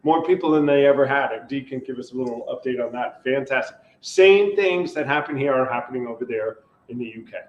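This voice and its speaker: A man's voice: mid-range voice, brisk, few pauses. A man hosting a live recovery show, chatting casually in a rambling, joking, self-deprecating way. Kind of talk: casual live-stream chat. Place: retreat center in California. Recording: roomy, dull live-stream sound.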